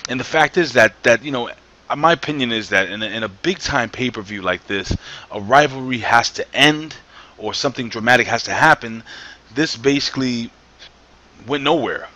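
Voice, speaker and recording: A man's voice: mid-range voice, normal speed, sharp tone. A man co-hosting a casual wrestling review, talking with enthusiasm and strong opinions, full of fillers and restarts.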